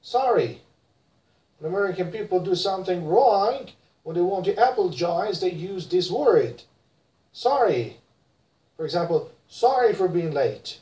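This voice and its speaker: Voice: medium pitch, animated, unhurried, warm tone. An English pronunciation teacher running a classroom drill, saying each word several times over for the listener to copy. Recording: roomy and distant from the mic.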